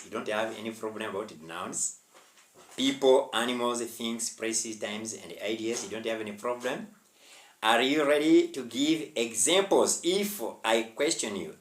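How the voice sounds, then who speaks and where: Man, teacher, casual home lesson, repetitive urging, slightly high voice, echoey room. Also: a bit bright. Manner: repetitive, exhorting, frequent tag questions. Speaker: English teacher. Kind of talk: casual spoken English lesson.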